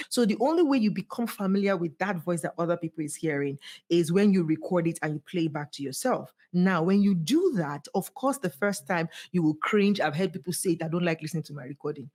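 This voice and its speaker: A woman guest on a podcast, speaking as a voice coach in an animated, emphatic way, swooping high to stress her points. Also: brisk. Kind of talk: motivational podcast conversation.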